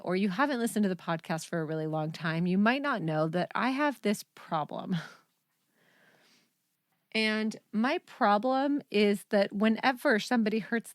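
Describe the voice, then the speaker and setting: A woman's voice: mid-range voice, dry recording, clean studio sound. A woman hosting a podcast in casual chat, telling stories and laughing often. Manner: giggly storyteller, laughs often. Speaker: podcast host.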